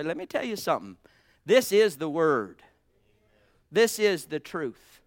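Fervent high-voiced male preacher. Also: big pitch swings, unhurried, no echo, clean studio sound. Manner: fervent, swings between hushed and loud emphatic preaching. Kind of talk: sermon.

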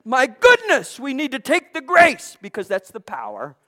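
A pastor delivering a fervent sermon. The delivery rises to loud, ringing exclamations and sinks to hushed near-whispers, with words repeated over and over for emphasis. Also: high-pitched, wildly swooping pitch, moderate pace. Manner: impassioned, swinging from loud exclamations to hushed asides.

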